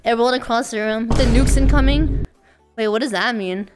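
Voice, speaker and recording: Bubbly woman streamer with a high voice, chatting live with viewers. Excitable, quick to laugh and to break into mock-exasperated outbursts. Faint music under her. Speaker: VTuber streamer.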